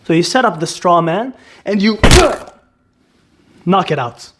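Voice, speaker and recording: A man's voice: high-pitched, expressive, slow, very noisy. A man explaining an idea emphatically, asking rhetorical questions and repeating key words for stress. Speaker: educator. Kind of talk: explanatory commentary.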